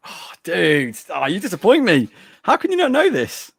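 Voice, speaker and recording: A man's voice: sits high, huge pitch swings, moderate pace, creaky, fairly bright tone, breathy edge, no echo. A man hosting a casual podcast movie quote quiz, playful and teasing. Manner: playful, reads out quotes and teases. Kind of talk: casual chat.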